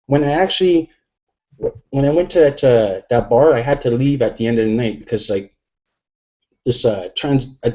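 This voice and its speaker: A middle-aged man, a few beers in, rambles crudely through a casual podcast chat, leaning on fillers. His voice is dark and mellow. The sound is dull and lo-fi, like an online call. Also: medium pitch, moderate pace. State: tipsy from drinking beer. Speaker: podcast guest.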